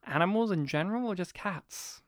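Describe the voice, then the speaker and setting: A man co-hosting a podcast in casual chat, animated and full of questions. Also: high-pitched, a little fast, dry recording, studio quality. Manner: animated, asks lots of questions. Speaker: podcast co-host.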